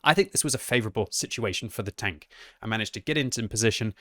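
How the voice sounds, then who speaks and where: A young man giving chatty, excitable live commentary over his own gameplay, often joking at himself. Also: lowish voice, fast, no room sound. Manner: chatty, excitable, self-mocking. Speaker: gaming commentator.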